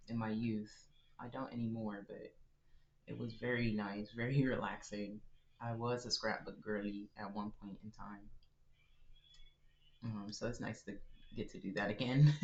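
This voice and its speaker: A chatty man talks to his viewers while he plays a game on a live stream. He giggles between thoughts, calls his audience y'all, and stays easygoing. His voice sits in a middle range and sounds a little roomy and dull. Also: medium pitch. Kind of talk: casual live-stream chat while gaming.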